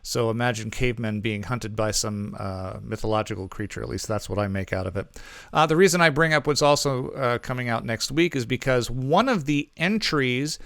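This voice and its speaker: A man co-hosting a film review podcast, talking loosely and correcting himself as he goes. His voice is smooth and resonant at a middle pitch. The recording is close and dry. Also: fairly quick, a bit bright, dry recording. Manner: rambling, self-correcting, with frequent ums and asides. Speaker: podcast co-host reviewing movies. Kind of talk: casual movie review chat.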